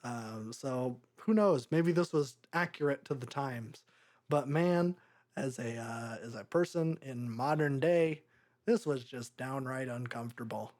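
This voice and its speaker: A young man co-hosting a podcast, chatting casually about a movie, rambling and halting with lots of fillers. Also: medium pitch, a little mellow. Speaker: podcast co-host. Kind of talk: casual movie review chat.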